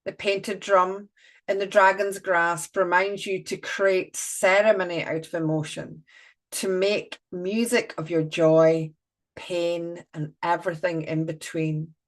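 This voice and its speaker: A woman's voice: fairly low pitch, little pitch movement, slow. A woman doing a live oracle card reading, chatty and playful, breaking off to greet viewers.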